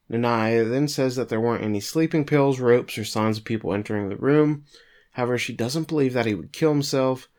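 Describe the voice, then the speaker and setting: A man co-hosting a podcast, giving a steady plot summary of an anime episode with occasional fillers. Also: medium pitch. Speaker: podcast co-host recapping an anime. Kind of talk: casual episode recap.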